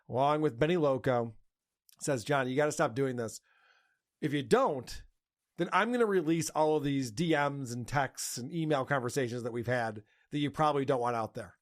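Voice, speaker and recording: A man hosting a podcast, casually mocking clips he plays and laughing often. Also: on the high side. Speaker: podcast host.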